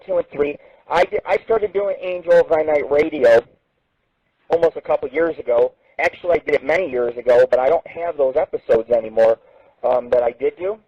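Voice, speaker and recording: A man's voice: a little high, a little mellow, husky, no echo, highs cut off. A man hosting an internet radio show, talking in a rambling, self-promoting showman patter. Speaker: radio host. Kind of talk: casual internet radio talk.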